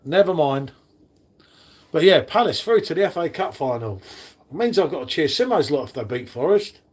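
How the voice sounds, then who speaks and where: Matey guy chatting to his stream, slightly high voice. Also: sing-song, moderate pace, breathy edge. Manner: chatty, matey, talks to chat readers by name. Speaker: live stream host. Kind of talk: casual live stream chat.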